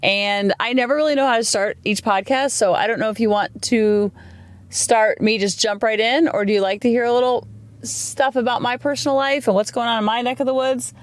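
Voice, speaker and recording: Woman in her 40s, podcast host: candid, chatty solo talk, close dry mic, mid-pitched. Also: fairly quick, no room sound. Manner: chatty, candid, animated storytelling. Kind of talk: casual solo podcast monologue.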